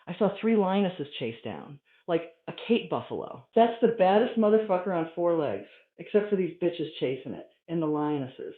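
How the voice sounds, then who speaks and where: A man doing a stand-up routine, telling stories in a profane, animated way. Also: high voice, normal speed, hardly any pauses. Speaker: stand-up comedian. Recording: tinny, roomy live recording.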